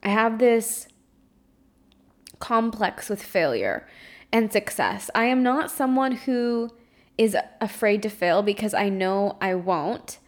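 A woman's voice: medium pitch, expressive, slow. A young woman hosting her own podcast, talking openly and at length about her fears, searching for words and swearing freely. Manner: emotionally open and confessional. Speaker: podcast host and spiritual coach. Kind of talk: candid solo podcast monologue.

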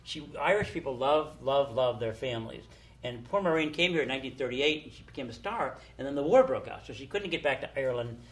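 An older man telling casual anecdotes, animated, acting out the people he quotes. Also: mid-range voice, fast talker. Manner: animated storyteller, acts out quotes. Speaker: storyteller guest.

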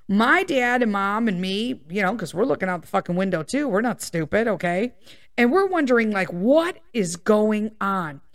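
Her voice sits at a medium pitch and sounds a bit bright. A Chicago-area podcast host, she rambles casually through a personal story, swearing plenty, drifting into tangents, and tossing in "okay?" and "right?"

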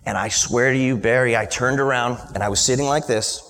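A man's voice: mid-range voice, fairly quick, a bit bright. A man in his late twenties, a business owner telling an emotional personal story at a live talk and stuttering at moments. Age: late 20s. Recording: long hall reverb from a live event.

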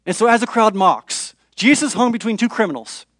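A man in his thirties preaching a sermon, his voice sitting high for a man. He swings from near-whispers to raised, intense stretches as he tells the story. The sound is dry and close, with no room around it. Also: lively intonation, a little fast, no echo. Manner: dramatic, shifts between hushed and raised voice for quoted figures. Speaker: pastor.

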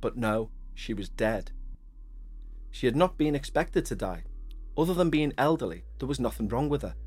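A male podcast host who reads a listener's ghost story at a steady, even pace and then bursts into excitable, gushing reactions. His chat is casual and full of exclamations. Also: medium pitch, moderate pace, breathy edge. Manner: excitable, gushing exclamations between calm reading.

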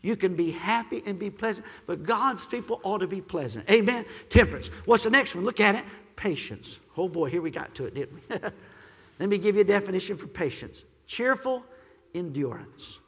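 A man preaching a sermon as pastor, swinging from shouted praise to quiet, gentle teaching. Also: high-pitched, lively intonation, a little fast, husky, in a large hall.

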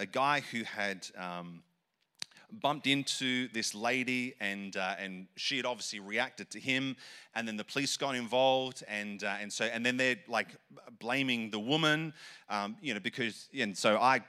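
An Australian man giving a sermon in a bright, sharp voice. He tells his stories conversationally, stopping and restarting often as he goes. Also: medium pitch, moderate pace, clear, resonant tone. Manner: rambling, conversational storytelling with many restarts. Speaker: pastor.

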